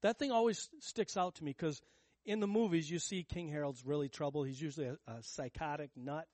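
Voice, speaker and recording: Guy preaching, chatty but emphatic, kinda high voice, dry sound. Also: brisk, darkish tone, no echo. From United States. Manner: conversational, emphatic preaching with rhetorical questions to the congregation. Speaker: pastor. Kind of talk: sermon.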